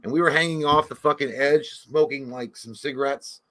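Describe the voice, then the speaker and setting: A man co-hosting a casual livestream, rambling excitedly with crude slang. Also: mid-range voice, normal speed. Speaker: podcast co-host.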